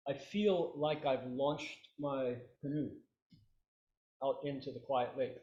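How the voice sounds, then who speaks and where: A man teaching a meditation class, relaxed and joking, leading his students through chanted repetitions. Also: mid-range voice, slow pace, dull audio. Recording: roomy, echoey room.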